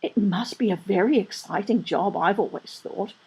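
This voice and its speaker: A woman's voice: mid-range voice, warm tone, husky, rough recording. A woman voicing a chattering, flustered middle-aged nun who is eager to please. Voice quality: prattling, hurried.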